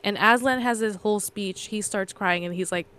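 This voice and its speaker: A woman's voice: medium pitch, moderate pace, very noisy. A woman co-hosting a podcast, casually retelling a story in a loose, rambling way with fillers and self-corrections. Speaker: podcast co-host.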